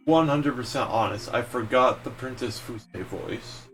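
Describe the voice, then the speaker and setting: A man's voice: mid-range voice, moderate pace, fairly bright tone, faint music behind. A man streaming a game live, chatting casually and joking about himself. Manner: joking, self-deprecating. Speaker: let's play streamer.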